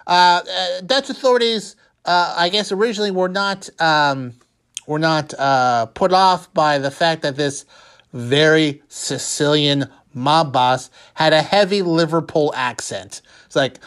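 A man's voice: on the high side, measured pace, fairly bright tone, clean tone. A man hosting a radio show, recapping the news in a casual, rambling, jokey way and often repeating words. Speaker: radio host.

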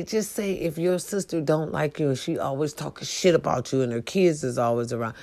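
A woman's voice: low-pitched, creaky, darkish tone. A middle-aged woman hosting a casual live stream, talking to her viewers in an emphatic, preachy way with plenty of swearing.

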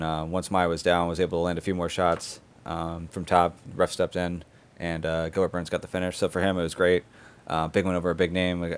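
A man with a low, flat voice recaps fights on a podcast. He talks quickly and casually and scatters "uh" and "um" through every sentence. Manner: rapid and conversational, with many "uh" fillers. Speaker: podcast host.

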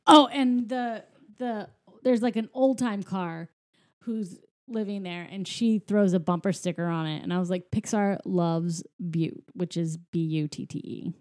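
A woman's voice: medium pitch, fairly even intonation, measured pace, a little mellow, dry recording, clean studio sound. A woman casually retelling a movie plot as a podcast co-host, rambling with lots of fillers and laughs. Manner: rambling, filler-heavy storytelling with frequent laughs. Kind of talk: casual chat, recapping a movie.

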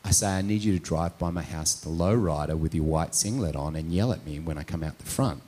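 Deep-voiced preacher man. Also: fairly quick, warm tone, husky. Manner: storytelling, frequent "right?" tags. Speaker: pastor. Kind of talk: conversational sermon.

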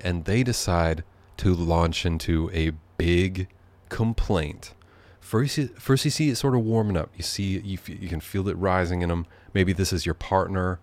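A man's voice: deep voice, darkish tone. A man hosting a podcast from his living room, rambling through a sardonic, profane comedic monologue. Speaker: podcast host.

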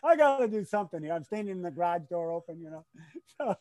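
An older man telling stories in a casual chat, animated and laughing often as he acts out his shouts. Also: sits high, quick pace, no echo, rough recording. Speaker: guest, race announcer. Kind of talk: casual storytelling.

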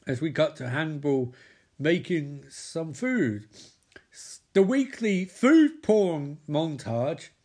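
A man's voice: a little high, sing-song, takes it slowly, a little mellow, husky. A man giving a sweary, rambling comedic recap of a TV episode, mocking the characters in put-on voices.

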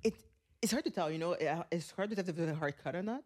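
A man co-hosting a podcast in casual chat, animated and laughing often. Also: fairly high pitch, very fast. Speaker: podcast co-host.

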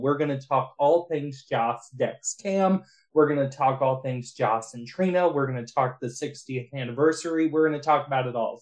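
A man's voice: medium pitch, darkish tone. A man hosting a podcast, signing off in a playful, gushing casual chat. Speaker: podcast host.

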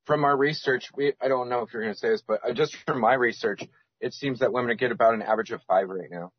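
A man's voice: mid-range voice, fast talker, breathy edge, no room sound. A man as a podcast guest, rambling with many restarts and fillers. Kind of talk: casual podcast interview. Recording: dull lo-fi sound.

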